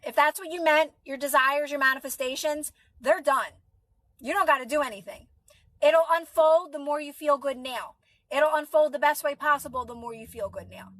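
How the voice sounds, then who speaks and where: With a fairly bright, high-pitched voice and no echo, this adult woman with a Philadelphia accent talks on a livestream. A mother and manifestation coach, she addresses viewers' comments by name and offers reassurance.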